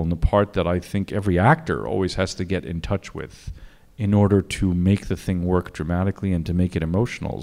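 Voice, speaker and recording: A man who directs films, talking in an interview and telling self-deprecating anecdotes with halting restarts. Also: deep voice, vocal fry, dark tone. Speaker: film director. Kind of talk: interview conversation.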